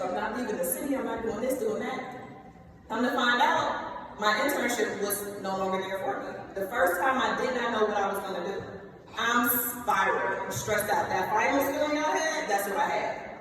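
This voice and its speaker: A young woman speaking to graduates in a big hall, her voice heard from some distance and ringing with long reverb. She talks straight to the students, lively, checking in with "okay?" between points. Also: mid-range voice, slight background noise. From Ohio, US. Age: late 20s. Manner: lively, addresses the students directly with "y'all" and "okay?". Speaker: commencement speaker. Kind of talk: motivational speech. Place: large hall.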